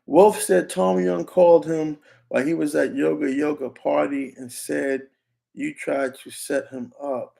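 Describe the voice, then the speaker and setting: A man's voice: a little high, fairly even intonation, measured pace, gravelly, mellow. A young man streaming, giving casual rambling commentary on clips in slang and often restarting his sentences.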